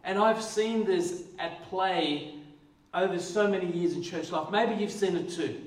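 A man's voice: high-pitched, a little slow. A man preaching a sermon as pastor, talking earnestly and often repeating words as he starts a phrase. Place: church hall. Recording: echoey hall, voice from far off.

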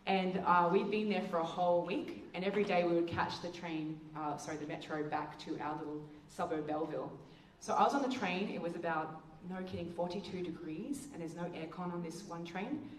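A woman giving a testimony talk as a speaker, telling stories and acting out the quotes with big jumps in pitch. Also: fairly even intonation, a little fast, hardly any pauses, a little hiss or hum. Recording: echoey room, heard from a distance.

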